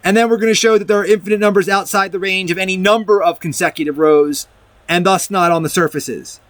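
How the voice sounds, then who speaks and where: High-voiced man rambling through a math explanation. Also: steady tone, fast, a bit bright, no echo. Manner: rambling, restarts often, reads from a document and comments. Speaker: math video presenter. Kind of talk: casual explanatory math lecture.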